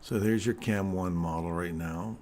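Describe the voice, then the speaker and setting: A deep-voiced man talks through live trading charts in a loose, joking, explanatory way, often checking in with "right?". His voice has a groggy morning roughness to it. A faint ambient hum sits behind him. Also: normal speed, darkish tone. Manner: casual, explanatory, joking, keeps asking "right?". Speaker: trading stream host.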